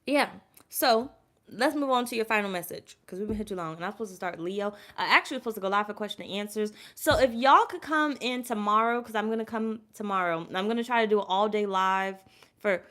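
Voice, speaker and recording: A woman doing a casual tarot reading to her viewers, blunt and profane, addressing them directly and swinging between loud urging and quiet asides. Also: medium pitch, quick pace. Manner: talks straight to her audience as "y'all". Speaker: tarot reader.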